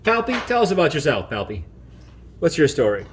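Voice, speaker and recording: Playful dad hosting a toy video. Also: male voice, on the high side, fairly quick, breathy edge. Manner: jokey and animated, mock-pompous. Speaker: host. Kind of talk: playful family video, introducing toys.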